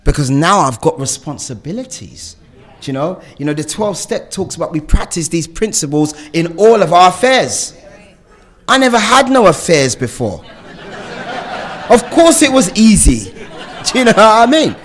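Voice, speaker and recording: Man, middle-aged, high voice, animated storytelling, laughs often. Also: normal speed. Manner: animated storytelling with frequent laughs and rhetorical questions. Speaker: recovery speaker. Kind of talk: personal recovery share.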